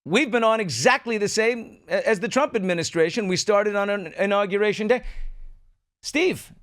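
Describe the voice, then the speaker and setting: High-voiced sardonic male show host. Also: normal speed, fairly bright tone. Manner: sardonic, mocking impressions of others. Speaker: podcast host. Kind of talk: opinionated commentary show.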